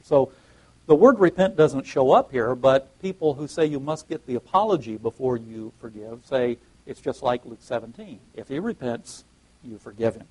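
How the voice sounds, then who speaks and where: A man's voice: mid-range voice, moderate pace, a little mellow, slightly rough, poor audio. A man preaching a sermon and reading scripture aloud, often restarting his phrases and rising emphatically on key words.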